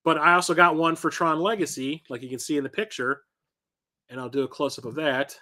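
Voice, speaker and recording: Showing off his collection in a laid-back vlog, a middle-aged channel host talks a little fast in a slightly high voice that sounds pushed and bright, though his tone stays steady. His stories wander, full of filler words and moments where he corrects himself.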